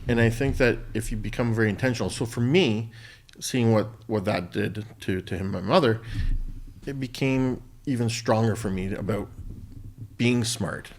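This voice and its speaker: A middle-aged man co-hosting a podcast, talking in a thoughtful, halting way with restarts. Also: medium pitch. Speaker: podcast co-host. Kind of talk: casual conversation.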